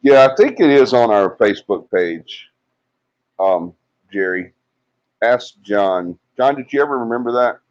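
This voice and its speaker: A man's voice: mid-range voice, lively intonation, unhurried, darkish tone. A man hosting a casual livestream, reading out viewer comments and teasing them in a chatty way. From Alabama. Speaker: livestream host. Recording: dull lo-fi livestream audio.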